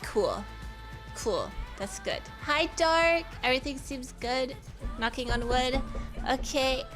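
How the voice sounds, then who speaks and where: A woman's voice: high voice, animated, takes it slowly, fairly bright tone, faint music behind. A woman streaming live in casual chat, greeting her viewers, laughing and swearing freely. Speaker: VTuber streamer.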